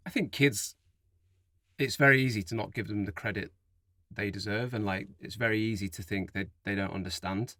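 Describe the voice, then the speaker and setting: A man with a fairly low voice gives earnest, thoughtful advice in a podcast conversation. The recording is dry and close-miked. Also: normal speed, sharp tone, no echo. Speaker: podcast co-host. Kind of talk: casual chat.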